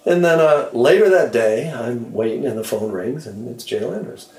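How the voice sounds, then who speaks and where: Brief: male producer, chatty storyteller, swears, mid pitch, roomy echo. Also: normal speed, few pauses. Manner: animated, profane, acts out quotes in raised voice. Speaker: record producer. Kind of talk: casual storytelling chat.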